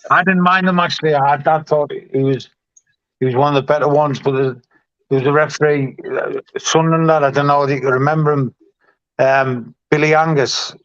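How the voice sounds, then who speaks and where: A middle-aged man tells football stories in a halting, repetitive way. His voice sits somewhat high for a man. The sound is dry and a bit dull. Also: fairly even intonation, a bit bright, dry recording. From North East England. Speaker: show host and former player. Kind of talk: casual chat.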